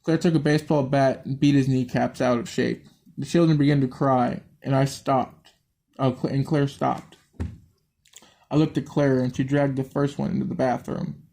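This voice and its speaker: A man's voice: medium pitch, flat delivery, normal speed, creaky, warm tone. A man reading a violent horror story aloud who keeps stumbling, restarting lines and swearing at his own misreadings. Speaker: story reader.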